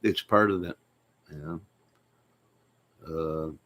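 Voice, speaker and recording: A man hosting his own channel, chatting in a rambling, jokey way with sudden loud outbursts. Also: very deep voice, steady tone, takes it slowly. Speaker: channel host. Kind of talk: rambling joking livestream chat.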